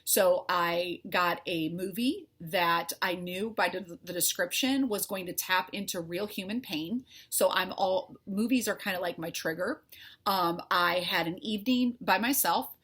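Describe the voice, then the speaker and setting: A woman's voice: on the low side, measured pace, a bit bright, slightly rough. A middle-aged woman coach talking candidly to her followers, heartfelt and conversational, with a faith-filled manner. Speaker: life coach. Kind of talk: candid personal talk to followers.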